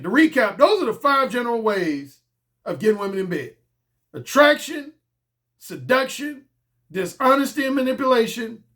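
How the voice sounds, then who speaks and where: A man's voice: sits high, bright, forceful tone. A man speaking as a dating coach in a blunt, casual monologue, emphatic and profane, often repeating his key points.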